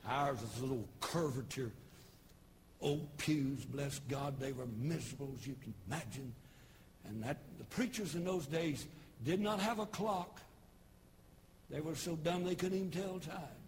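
A pastor in his sixties with a Tennessee Southern accent, preaching a folksy, humorous sermon with homespun storytelling and sudden shouted bursts. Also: fairly high pitch, normal speed, a little hiss or hum. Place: church service broadcast on television.

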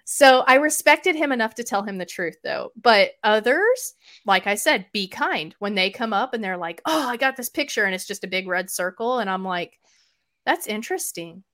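A woman chatting as a podcast guest, telling stories in an animated way with sudden jumps in loudness. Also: medium pitch. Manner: animated storyteller, quick shifts in loudness. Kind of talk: casual chat.

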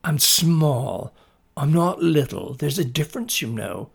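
A man's voice: on the high side, animated, unhurried, gravelly, breathy edge, voice pushed up, exaggerated voice. A man doing a stubborn little girl. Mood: defiant. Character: small, stubborn, defiant young girl.

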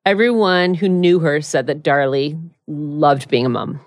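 A woman's voice: low voice, unhurried, no room sound, clean studio sound. A woman in her thirties co-hosting a podcast, telling a true crime case in casual chat and laughing and swearing freely.

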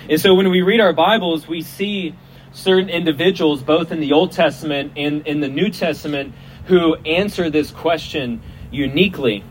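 Male preacher, slightly high voice, loose joking outdoor sermon, faint hum and vehicles behind. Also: normal speed, rough recording. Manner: casual and joking, repeats and restarts words. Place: outdoors at a festival.

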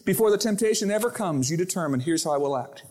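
A male pastor preaching with a high, very lively voice that leaps up and down. He throws himself into his sermon and acts out the voices in his quotes and stories. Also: fast. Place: church sanctuary.

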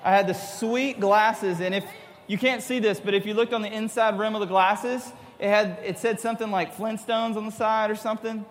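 Animated youth speaker, high voice, hall echo. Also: male voice, moderate pace. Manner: animated, acts out his younger self. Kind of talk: youth talk to middle schoolers.

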